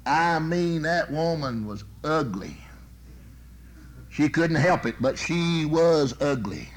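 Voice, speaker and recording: A man preaching a sermon, telling folksy stories and swinging from loud bursts to soft, low asides. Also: expressive, slow pace, a little hiss or hum.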